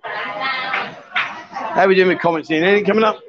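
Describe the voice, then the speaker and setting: A man's voice: high-pitched, animated, moderate pace, over music. Upbeat man cheering on pool players. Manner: cheery, coaxing, says "sweetheart" and "darling" a lot. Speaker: host. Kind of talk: casual live stream chat. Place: bar with a pool table. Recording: muffled, noisy bar live stream.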